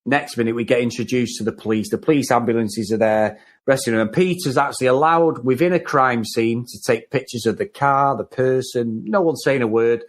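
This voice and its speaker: A man co-hosting a film review podcast, chatting casually, excitable and rambling, laughing as he goes. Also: mid-range voice, a little fast, few pauses. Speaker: podcast co-host.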